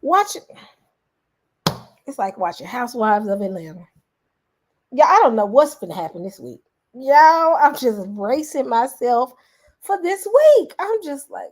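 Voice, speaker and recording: A woman, a vlogger giving lively reaction commentary and talking straight to her viewers. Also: high-pitched, measured pace, pauses often. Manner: animated, exclaiming, addresses viewers as y'all.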